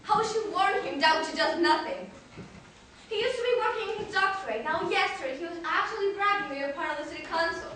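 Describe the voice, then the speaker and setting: A woman's voice: extremely high pitch, expressive, fast talker, pushed and bright, heavily acted. A teenage girl acting a despairing young woman in a school play, often laughing hysterically through her lines. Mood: bitter gossip. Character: despairing young woman near twenty-four, restless. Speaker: student actor. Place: school theater stage. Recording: echoey stage, far mic, faint noise.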